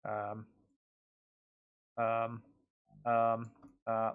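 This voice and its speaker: Man streaming a game, casual chatty commentary, laughs often, mid-pitched voice, reads chat messages aloud. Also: unhurried, long pauses. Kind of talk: casual let's-play commentary.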